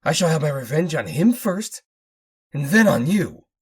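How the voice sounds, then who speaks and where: Shrill old inventor, vengeful and ranting, husky edge. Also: male voice, big pitch swings, normal speed, dark tone, exaggerated voice. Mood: raging. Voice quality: thin, high, screeching. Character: cackling mad old male inventor.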